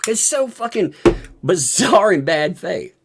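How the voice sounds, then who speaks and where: Male live-stream commentator, lively pitch swings, profane, exasperated rants, laughs often. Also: takes it slowly, creaky, very noisy.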